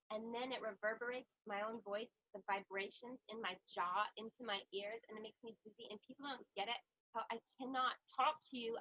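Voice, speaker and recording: A woman's voice: a little high, sharp tone, breathy edge, no room sound, muffled recording. A young woman co-hosting a comedic casual chat in playful Valley Girl style.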